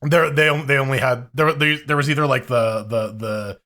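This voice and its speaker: A man's voice: mid-range voice, fairly even intonation, normal speed, sharp tone. A man co-hosting a casual podcast, telling stories animatedly and acting out his own reactions. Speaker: podcast co-host. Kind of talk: casual chat.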